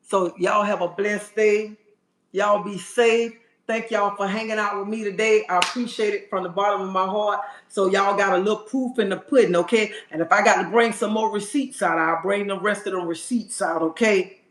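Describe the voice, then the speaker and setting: A man's voice: high-pitched, fairly even intonation, normal speed, fairly bright tone. A man ranting on a livestream to viewers, sassy and emphatic, calling them "honey" and asking "okay?". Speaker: livestream host. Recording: roomy echo.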